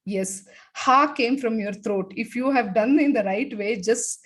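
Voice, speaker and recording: A woman leading a guided laughter exercise on a video call, talking with many fillers and demonstrating laughter sounds in loud bursts. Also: fairly high pitch, unhurried. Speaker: laughter yoga expert.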